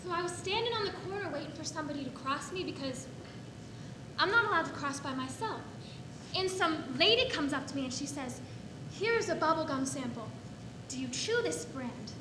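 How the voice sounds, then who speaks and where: An actress playing a frustrated little girl telling a story in a stage monologue, rising to shouting and crying. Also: high voice, animated, normal speed. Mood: storytelling. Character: small girl, frustrated and put-upon. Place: echoey theater stage. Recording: echoey stage recording with background noise.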